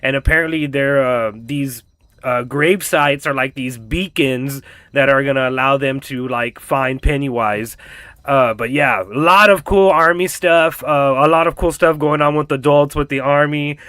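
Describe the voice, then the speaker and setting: A man casually recapping a TV episode for his channel, telling it in a profane, animated way with lots of fillers. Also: mid-range voice, measured pace, clear, resonant tone, dry recording. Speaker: reaction channel host.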